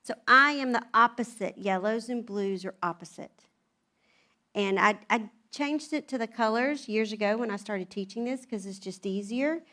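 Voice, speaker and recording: A woman's voice: on the high side, moderate pace, bright, forceful tone. Chatty Southern woman telling family stories. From American South. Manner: chatty and humorous, acts out family dialogue. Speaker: speaker at a church women's event. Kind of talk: storytelling talk to an audience.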